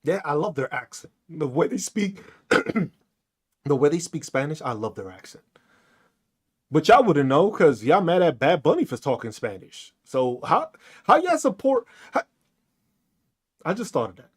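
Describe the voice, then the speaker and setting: A podcast host ranting solo in a loose, profane monologue. He fires off mocking rhetorical questions, and his pitch swings widely from low grumbles to high jabs. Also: very animated, measured pace, pauses often, slightly rough.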